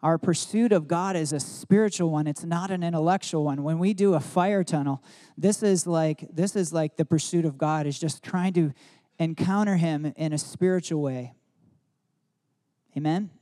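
Male pastor, slightly high warm voice, chatty storytelling sermon. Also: normal speed. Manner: storytelling, conversational with frequent "like". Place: church service.

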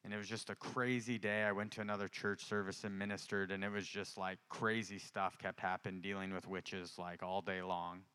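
A man's voice: deep voice, level tone, a little fast, hardly any pauses, bright, forceful tone, smooth. A man preaching a sermon, telling a personal testimony in a chatty way and building to fervent exhortation.

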